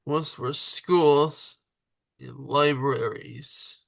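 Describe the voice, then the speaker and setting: A man hosting a podcast from his room, asking interview questions in a halting, drawn-out way. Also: medium pitch, steady tone, creaky, a bit bright, no room sound. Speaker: podcast host.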